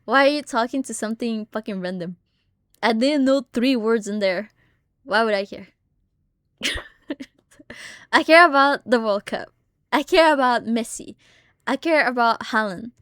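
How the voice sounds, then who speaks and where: A young woman streamer telling a story in a casual, animated way, swearing freely and shrieking when she acts out what she said. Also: on the high side, a little slow, long pauses, dry recording, clean studio sound. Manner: animated, swears a lot, shrieks in retold moments.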